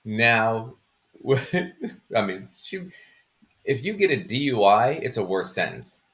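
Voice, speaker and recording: A man's voice: fairly low pitch, very animated, slow pace, fairly bright tone. A man hosting a podcast in a casual, joking chat, laughing often as he talks. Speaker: podcast host.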